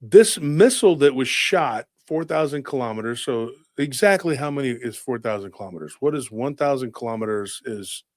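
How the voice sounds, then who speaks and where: A man hosts a casual podcast in a mid-pitched voice. He rambles excitably and keeps firing off rhetorical questions. The recording is dry and close. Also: normal speed, few pauses, no room sound. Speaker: host.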